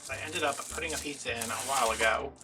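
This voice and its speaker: A man's voice: medium pitch, quick pace, recorded from a distance, over music. A man chatting casually in a craft vlog from home, rambling and dramatically mocking himself. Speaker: craft vlogger.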